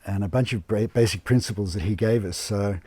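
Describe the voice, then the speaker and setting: Man, deep-ish mellow voice, unhurried interview chat, lots of fillers, indoors at home. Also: dry recording. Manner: relaxed, unhurried, with many fillers and restarts. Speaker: eco lodge owner and permaculture gardener. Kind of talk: casual interview talk.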